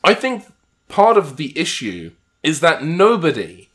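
A man's voice: a little high, wildly swooping pitch, a little slow, a bit bright. A man co-hosting a podcast in casual comedic chat, given to wry, mock-grandiose rants. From England. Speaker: podcast co-host.

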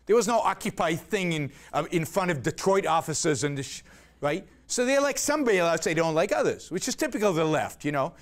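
Sarcastic guy lecturing a crowd, lots of "right?", voice swings way up and down, kinda high. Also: animated, brisk. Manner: emphatic, sarcastic, rhetorical questions with frequent "right?". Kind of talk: argumentative lecture.

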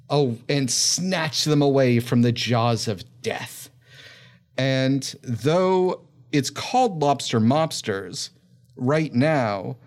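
A man runs a tabletop game, painting each scene in vivid, drawn-out detail. He speaks slowly and unhurriedly. His pitch sits right in the middle for a man. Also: darkish tone. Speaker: game master.

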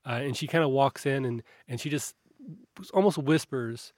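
A male game master narrating a tabletop game, describing scenes in a loose, rambling way and often restarting his sentences. His voice sits at an ordinary pitch and sounds dry and close. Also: moderate pace, a little mellow, no echo.

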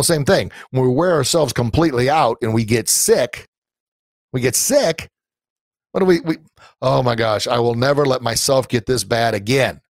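A middle-aged man hosts a live-streamed podcast in an earnest, soft-hearted way, wandering through his points with plenty of fillers. His voice sits at an ordinary pitch for a man and sounds close and dry. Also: no echo. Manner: earnest and sentimental, rambling with fillers. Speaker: podcast host and anti-bullying coach.

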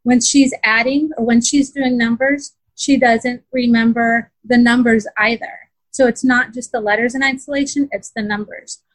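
A woman's voice: on the high side, steady tone, moderate pace, few pauses, no echo, poor audio. A woman in a casual interview, earnestly telling how her daughter struggled, with many fillers and restarts. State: close to tears. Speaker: parent describing her daughter's learning.

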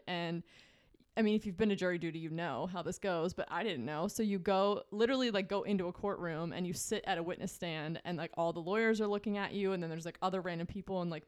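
A woman's voice: on the low side, smooth. Chatty young woman telling a story. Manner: chatty, laughs often, many "like" fillers. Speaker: podcast co-host. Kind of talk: casual storytelling chat.

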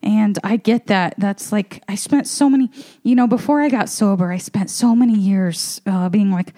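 A woman's voice: mid-range voice, moderate pace, dark tone. A woman, a comedian, talking in a loose, rambling way with lots of fillers and the odd swear word, a little out of breath as she walks around her apartment. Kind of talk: casual spoken monologue.

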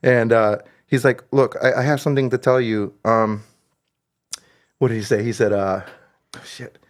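A man's voice: mid-range voice, fairly even intonation, moderate pace. A man chatting casually over a video call, telling rambling family stories with lots of laughter and restarts. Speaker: podcast co-host, father. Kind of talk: casual storytelling chat.

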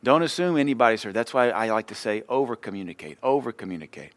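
A man's voice: mid-range voice, lively intonation, fast, dry recording. A man pastor giving a sermon in a conversational way, acting out short everyday exchanges. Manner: conversational preaching, acts out short dialogues.

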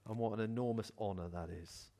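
A man's voice: on the low side, a little fast. A man preaching a sermon in an earnest, encouraging way, acting out voices as he tells stories. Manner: animated, acts out voices in a story.

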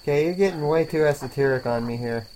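A man's voice: fairly high pitch, fast, mellow, rough recording. A man playing the dry, teasing straight man in an improvised comedy dialogue. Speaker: co-host and comic foil.

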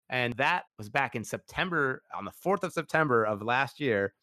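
A man's voice: medium pitch, normal speed, few pauses, pushed and bright, dry recording, studio quality. A man hosting a casual interview, enthusiastic and full of fillers like "like" and "you know". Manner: enthusiastic, heavy use of "like" and fillers. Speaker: podcast host.

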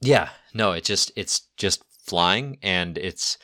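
A man's voice: deep voice, animated, takes it slowly, sharp tone. A man co-hosting a casual podcast, talking with enthusiasm and laughing often. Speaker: podcast co-host discussing comics. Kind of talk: casual chat.

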